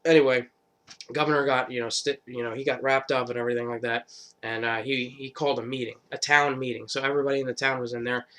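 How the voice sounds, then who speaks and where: A man's voice: mid-range voice, flat delivery, fast talker, a bit bright. A man giving a casual, rambling recap of a TV episode, full of swearing and fillers. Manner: rambling, profane, lots of fillers. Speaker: vlogger.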